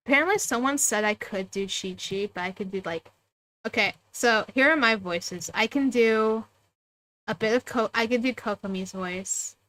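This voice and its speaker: A woman's voice: on the high side, normal speed, a bit bright. A woman streamer with a light soprano voice, chatting casually and giggling while she plays. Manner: chatty, giggly, lots of restarts. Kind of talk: casual livestream chat while gaming.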